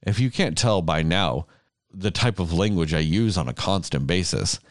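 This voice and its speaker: A man's voice: low voice, animated, moderate pace, no room sound, clean studio sound. A man, rambling and swearing casually as a podcast host. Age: 30s. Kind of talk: casual chat.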